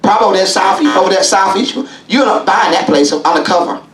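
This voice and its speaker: As bishop at a Bible study, a man preaches in the church sanctuary, calling questions out to the congregation and repeating himself. His voice sits high and moves fast with a fairly bright tone, picked up from a distance in an echoey room with faint music and the congregation murmuring.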